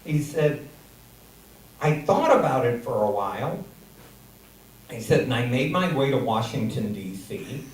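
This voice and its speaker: A man's voice: medium pitch, very animated, measured pace, pauses often. A man telling a long shaggy-dog joke on a comedy theater stage, rambling with repeated words and restarts. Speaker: audience member telling a joke. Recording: echoey theater from far off with noise.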